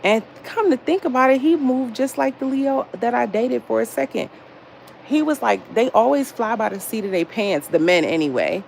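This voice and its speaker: A woman in her thirties chats casually on a livestream, swearing freely and talking straight to her viewers. Her voice has a gravelly edge, and a faint hum sits underneath. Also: normal speed. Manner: profane, talks straight to her chat; lively storytelling, frequent jumps in pitch. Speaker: livestream host.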